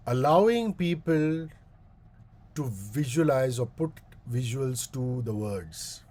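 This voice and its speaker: A man, a radio host giving a guest talk on speaking like a leader, animated, switching between slow, stressed phrases and quick asides. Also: medium pitch.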